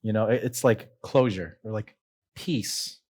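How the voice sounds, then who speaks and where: A man's voice: on the low side, a little mellow, slightly rough. Earnest young man hosting a podcast. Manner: earnest, reflective, halting. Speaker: podcast host. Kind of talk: casual faith podcast chat.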